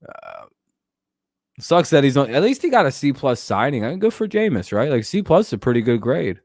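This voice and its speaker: A man hosting a loose sports talk stream in a dry, close sound. He rambles, restarts his sentences and swears freely while joking about players. His pitch sits at an ordinary middle level. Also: big pitch swings, fairly quick, a little mellow, no echo. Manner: frequent fillers and restarts. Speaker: host.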